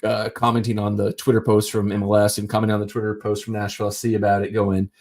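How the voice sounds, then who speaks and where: A man's voice: on the low side, monotone, fast talker, a little mellow. A man hosting a casual live stream, talking sports on his own in a rambling way with lots of fillers. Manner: rambling, many fillers and restarts. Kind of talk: casual solo sports talk.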